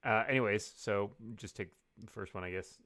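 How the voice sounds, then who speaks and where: A man's voice: on the low side, normal speed, a bit bright, no room sound, studio quality. A man playing in a tabletop game, bantering and teasing in casual chat. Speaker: player.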